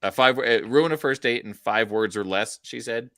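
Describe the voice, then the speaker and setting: A man's voice: medium pitch, normal speed, fairly bright tone, no room sound, clean studio sound. A man co-hosting a casual podcast, bantering playfully with chuckling wordplay jokes. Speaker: co-host.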